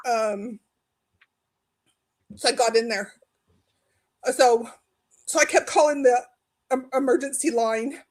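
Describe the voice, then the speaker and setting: A woman with a high voice tells her story on a video call. Her voice often rises and breaks as she gets upset. She talks plainly, the way people do in an open group conversation. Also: low-quality recording. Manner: emotional, voice breaking into tears at times. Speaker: discussion participant. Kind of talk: personal story in a group discussion.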